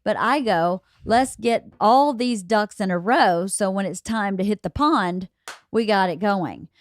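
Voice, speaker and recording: A woman's voice: mid-range voice, measured pace. A middle-aged woman hosting a podcast, talking in a practical, reassuring way during a casual family conversation at home. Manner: practical, reassuring, explains things plainly. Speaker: podcast host. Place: home, late night.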